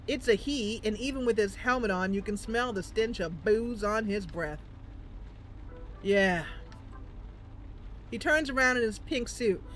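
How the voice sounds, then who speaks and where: A woman hosting a gaming channel, reading a story game aloud with giggly, expressive commentary. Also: medium pitch, a little slow, pauses often.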